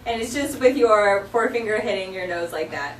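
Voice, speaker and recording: A woman's voice: mid-range voice, lively intonation, a little fast, recorded from a distance, slight background noise. Woman, sign language teacher, patient step-by-step explaining, recorded from across an echoey classroom. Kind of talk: classroom vocabulary lesson.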